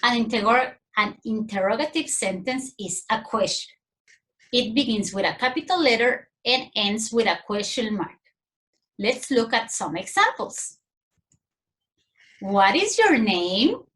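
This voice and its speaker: A woman with a Mexican accent teaching a grammar lesson to young children, in a clear, sing-song teacherly way. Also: on the high side, animated, moderate pace, a bit bright.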